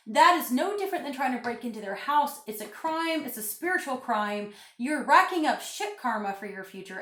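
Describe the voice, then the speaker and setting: Woman vlogger, fairly high voice, preachy and emphatic, phone mic in a roomy space. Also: bright, forceful tone. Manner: emphatic, preachy, repeats phrases for stress. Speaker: spiritual vlogger. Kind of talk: casual vlog monologue.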